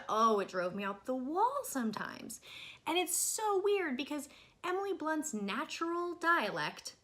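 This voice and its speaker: A young woman talking casually to camera in a film review vlog, animated and exasperated, jumping from loud outbursts to soft asides. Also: a little high.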